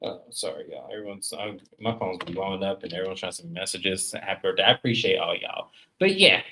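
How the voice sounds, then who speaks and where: A man in his thirties hosting a casual livestream, talking straight to viewers in an animated, emphatic way. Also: deep voice, fairly quick, a little hiss or hum. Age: 30s. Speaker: livestream host.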